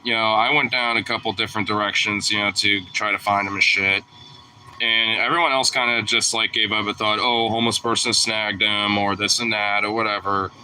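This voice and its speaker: A man's voice: lowish voice, steady tone, a little fast, bright, forceful tone, slight background noise, poor audio. Rambling, profane young man telling a story. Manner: rambling and profane, heavy filler words. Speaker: vlogger. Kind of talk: casual storytelling.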